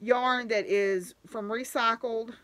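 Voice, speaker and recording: A woman's voice: on the high side, fairly even intonation, slow pace, a bit bright, dry recording. A woman hosting a knitting podcast, chatting casually and gratefully, with frequent exclamations. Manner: gushing, grateful, chatty with laughs. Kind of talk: casual chat to camera.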